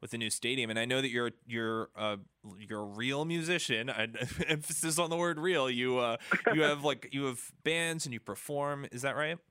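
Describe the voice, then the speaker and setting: A man's voice: mid-range voice, normal speed, hardly any pauses, pushed and bright, smooth, no echo, clean studio sound. A man interviewing a guest, asking questions in an enthusiastic, friendly way.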